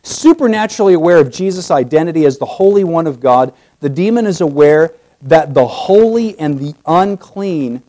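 A man preaching an expository sermon, moving between quiet explanation and loud emphasis. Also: on the high side, expressive, moderate pace. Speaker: pastor.

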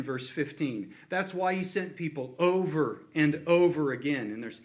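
A man's voice: fairly high pitch, lively intonation, moderate pace, hardly any pauses. A man preaching a sermon, earnest and repetitive, building emphasis on key points. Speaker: pastor.

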